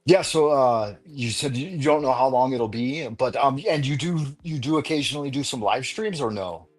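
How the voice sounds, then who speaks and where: A man's voice: mid-range voice, moderate pace. A man hosting a live stream panel, talking in a rambling, playful way with many restarts. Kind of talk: casual chat.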